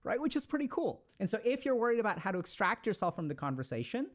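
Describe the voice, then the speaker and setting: Animated fast-talking man giving advice. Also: sits high. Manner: animated, coaching, slangy. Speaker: self-help speaker. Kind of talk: casual motivational talk.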